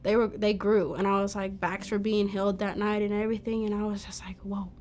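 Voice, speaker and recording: Young adult woman, even-toned, chatty personal testimony. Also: mid-range voice, brisk, slight background noise. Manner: casual storytelling, quotes herself, fillers like "like". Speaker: testimony speaker.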